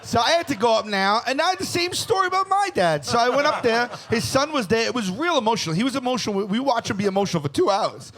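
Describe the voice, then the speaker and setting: A man's voice: very high voice, fast, hardly any pauses. A man in his forties telling funny stories as a guest on a live podcast, joking and mocking himself. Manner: animated, joking, self-mocking. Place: live show on a cruise ship.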